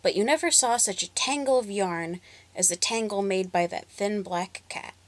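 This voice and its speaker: A woman storyteller narrating a folk tale with expressive, dramatic pacing. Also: mid-range voice, moderate pace.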